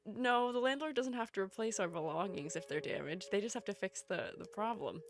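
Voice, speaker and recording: Fairly quick and medium-pitched with lively intonation, a young streamer and art educator talks casually on her live stream, playful and rambling, frequently breaking into giggles.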